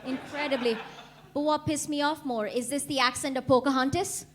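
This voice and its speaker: A young woman from India performs a stand-up set into a stage mic. Her voice sits a little high, and she stays deadpan while laughing at her own lines. A faint hum runs underneath the live room. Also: fairly quick. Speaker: stand-up comedian. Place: comedy club stage.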